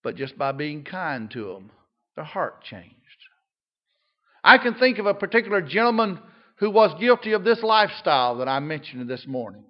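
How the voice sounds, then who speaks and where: An older man preaching a folksy sermon as pastor, rising to loud emphatic lines and dropping to quiet soft ones. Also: fairly high pitch, very animated, moderate pace, muffled recording.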